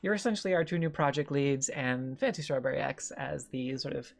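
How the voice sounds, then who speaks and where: A woman hosting a tabletop game stream, upbeat and quick to laugh as she introduces the players. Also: extremely low pitch, vocal fry. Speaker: game master and stream host.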